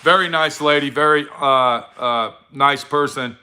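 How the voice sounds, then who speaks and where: A man's voice: a little high, a little slow, pushed and bright, smooth. A middle-aged man giving a blunt, profane motivational talk to his viewers, full of swearing and preachy advice. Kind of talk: profane casual motivational rant.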